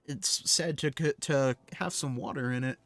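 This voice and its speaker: A man's voice: medium pitch, moderate pace, fairly bright tone, voice pushed down, close to an everyday voice. A man reading out a video game's dialogue aloud as a pompous, scheming male guildmaster mage with grand, old-fashioned phrasing. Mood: grandiose.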